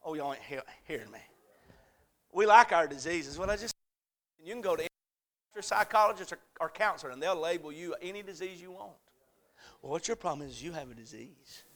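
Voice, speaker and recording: A male pastor preaching a sermon in church, acting out voices and rising into shouted climaxes. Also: on the high side, lively intonation, fairly quick. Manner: preaching with sudden shouted, tearful climaxes and dramatic quoted voices. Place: church sanctuary.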